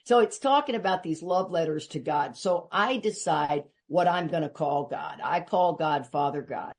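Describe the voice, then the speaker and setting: Older Texan woman, recovery-meeting speaker; earnest and emphatic, low-ish voice. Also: normal speed. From Texas, US. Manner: earnest and emphatic, rising in pitch when urging listeners. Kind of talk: personal share at a recovery meeting.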